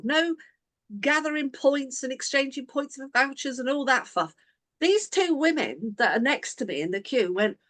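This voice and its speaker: A woman's voice: sits high, normal speed. A woman coaching a business team, telling a story and acting out the dialogue of everyone in it. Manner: animated, acts out quoted dialogue in the story.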